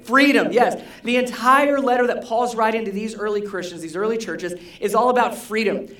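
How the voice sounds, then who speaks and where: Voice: medium pitch, normal speed, a bit bright. A pastor preaching a conversational sermon, often asking the congregation questions and repeating key words. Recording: roomy hall echo.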